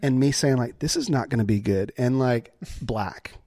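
At a normal pace and in a mellow voice, a man casually tells a story from his youth. He laughs often and acts out quoted voices in a high pitch.

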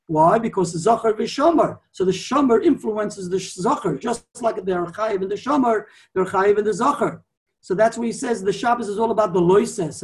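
Man, Torah class teacher, high voice, explanatory, digressive, repeats points, distant from the mic. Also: a little mellow.

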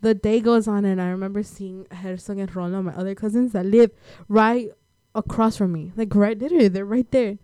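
A young woman from the United States tells a story in a casual chat, in a slangy, laid-back way full of fillers. Her voice is soft and mellow, with a middling pitch. The sound is dry and close, with almost no room echo. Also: fairly even intonation, fairly quick, hardly any pauses, clear, resonant tone.

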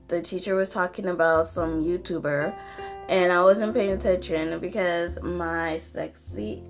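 A young woman hosting her own podcast, ranting casually with lots of fillers and swearing, sounding tired. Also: on the low side. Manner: rambling, profane, frequent fillers. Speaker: podcast host. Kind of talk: casual solo rant.

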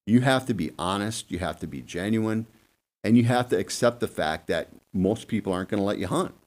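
Animated storytelling man, lively pitch. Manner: animated, acts out deer and buddies in quick asides. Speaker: guest hunting expert. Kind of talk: casual storytelling on a podcast panel.

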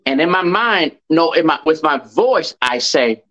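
Speaking a little slowly with lively intonation, a drawling middle-aged man recounts a personal story on a podcast. His somewhat high voice is bright and forceful, and he hammers key phrases by repeating them. The recording sounds muffled.

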